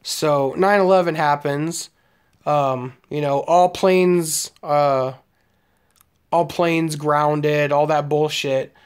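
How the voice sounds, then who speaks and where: A man's voice: on the high side, steady tone, slow pace, clean tone. A man in his late twenties telling crude, rambling stories while chatting casually with stream viewers. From Omaha, Nebraska, United States. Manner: rambling, profane storytelling with frequent fillers and laughs. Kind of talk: casual live-stream chat.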